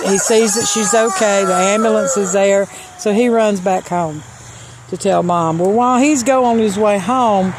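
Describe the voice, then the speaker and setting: A woman's voice: medium pitch, noisy background. A middle-aged woman sharing a personal testimony and Christian encouragement, earnest and storytelling, repeating phrases for emphasis. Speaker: Christian vlogger.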